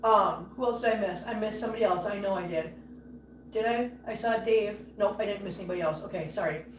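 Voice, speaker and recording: A woman's voice: mid-range voice, fast, slight background noise. Angry ranting woman livestreaming in an echoey room. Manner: angry ranting, greets viewers warmly by name. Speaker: livestream host. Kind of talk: casual livestream chat. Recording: echoey room with faint ambience.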